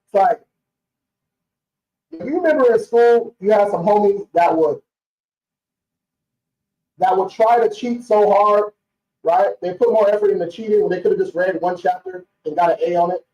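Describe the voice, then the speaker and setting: A blunt, slangy young man, fired up and cursing as he talks, his voice set fairly high with a mellow, soft-edged tone. He sits some way from the mic in a roomy space, and the stream audio comes through dull and lo-fi. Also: normal speed, long pauses, distant mic. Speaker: credit repair business owner hosting a live stream. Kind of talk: casual live-stream talk.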